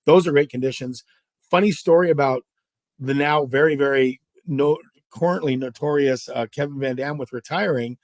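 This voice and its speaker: At a moderate pace and a little high in pitch, a middle-aged Southern California angler tells fishing stories as an interview guest, animatedly acting out what people said. The recording is studio quality with no room sound.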